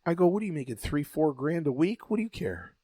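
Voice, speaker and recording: A man's voice: a little high, animated, fast talker, dark tone, no room sound. A man, a former wrestler and podcast co-host, telling a long story in a rambling, profane way with stumbling restarts. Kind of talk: casual storytelling banter.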